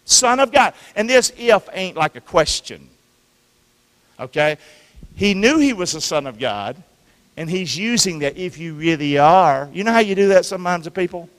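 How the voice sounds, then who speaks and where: A pastor with a high, animated male voice delivers a sermon at normal speed in a church sanctuary, throwing call-and-response questions to the congregation. The long reverb of the church hall hangs on every line.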